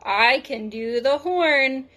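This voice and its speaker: Storybook goose, loud and honking, read by a woman, pitched up. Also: takes it slowly. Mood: bossy.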